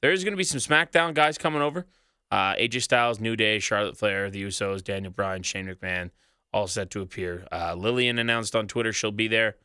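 Male podcast co-host, bright forceful voice, dry close sound, swears casually. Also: on the low side, brisk, clean tone, dry recording. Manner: profane, rattles off long lists.

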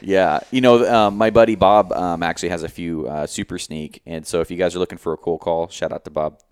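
A laid-back man with a low voice hosts a casual chat, hesitant and full of pauses. The sound is dry and close to the mic. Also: fairly even intonation, clear, resonant tone, dry recording. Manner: laid-back, hesitant, many ums and restarts.

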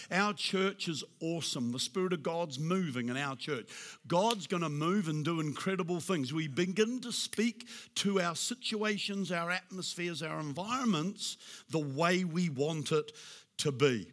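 A pastor preaching a sermon, emphatic, rising to loud declarations and dropping to a soft, hushed prayer. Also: male voice, a little high, animated, moderate pace.

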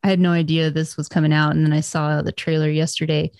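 A woman in a casual podcast chat, relaxed and chatty, swearing casually. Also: low voice, quick pace, no room sound. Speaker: podcast co-host or guest.

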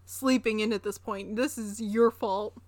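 A young woman co-hosting a podcast, debating loudly in casual chat. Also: mid-range voice, steady tone, unhurried, dry recording. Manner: loud, laughing debater. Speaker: podcast co-host.

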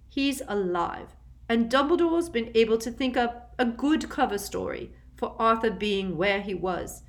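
A woman's voice: on the high side, pitched above the performer's own voice. A woman voicing a kind, emotional middle-aged mother witch who speaks earnestly and gushingly.

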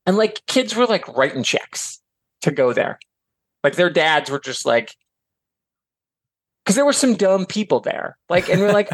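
Male podcast guest, mid-pitched, talkative and digressive, casual swearing, dry close sound. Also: a little fast, fairly bright tone, dry recording. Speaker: podcast guest, author and teacher. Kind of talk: casual chat.

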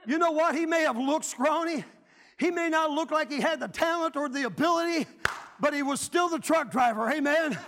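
A middle-aged pastor preaches a revival sermon in a church. His voice sits unusually high, and his delivery is fervent, often rising to a shout. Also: normal speed, a little hiss or hum. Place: church sanctuary.

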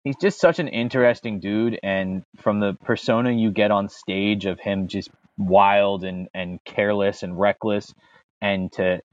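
A man co-hosting a podcast, talking in a relaxed, reflective way with "dude" and "like". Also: on the low side, no echo, highs cut off. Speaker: podcast co-host. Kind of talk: casual chat.

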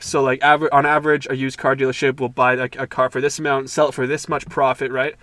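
A man's voice: mid-range voice, little pitch movement, quick pace, few pauses, fairly bright tone, no echo. A young man in his twenties hosting a casual podcast, telling crude stories in a laid-back way and laughing often. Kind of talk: casual storytelling chat.

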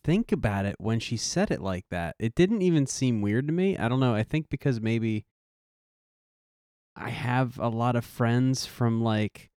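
A man's voice: mid-range voice, lively intonation, measured pace, darkish tone, clear, resonant tone, no echo, studio quality. A man co-hosting a casual movie podcast who speaks hesitantly and readily agrees with the others. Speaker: podcast co-host.

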